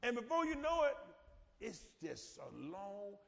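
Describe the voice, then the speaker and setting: A man's voice: sits high, huge pitch swings, a little slow, vocal fry, fairly bright tone. A middle-aged male pastor giving a folksy, informal sermon with dialect and call-and-response. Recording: echoey church hall reverb.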